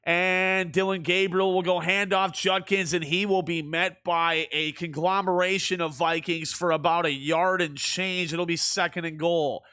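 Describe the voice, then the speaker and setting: High bright young man calling game plays. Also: unhurried, few pauses, clear, resonant tone. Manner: excitable, shouts on big plays. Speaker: streamer doing play-by-play. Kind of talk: mock sports commentary over a video game.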